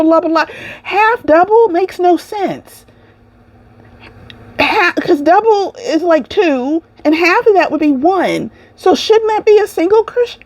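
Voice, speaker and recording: A woman's voice: high voice, dry recording. A woman with a lilt hosting a crochet podcast, ranting and laughing in casual chat.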